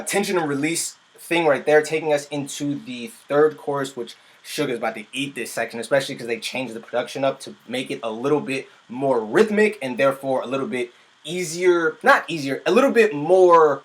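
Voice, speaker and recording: Excitable rambling male music producer. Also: fairly high pitch, a little fast. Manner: excitable, rambling, breaks off mid-sentence. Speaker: music producer reacting to a music video. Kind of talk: casual reaction commentary.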